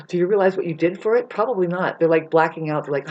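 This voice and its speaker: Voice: medium pitch, fast, darkish tone, poor audio. A vlogger delivering an angry, rambling, profane monologue that warns and scolds the listener. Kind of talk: ranting monologue.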